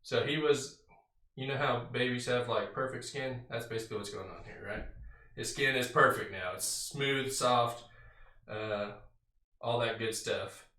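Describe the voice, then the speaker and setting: Bright-voiced man teaching Bible study. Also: mid-range voice, a little slow. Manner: reads scripture aloud, then explains it conversationally with fillers and "right?". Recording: roomy sound from a distant mic.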